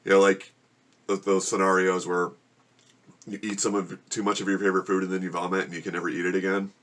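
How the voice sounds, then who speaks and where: A man's voice: low voice, flat delivery, fast talker, a bit bright. Man groaning through spicy food. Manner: groaning and complaining while eating spicy food. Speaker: vlogger. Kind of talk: casual vlog to camera. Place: home room with a gecko habitat.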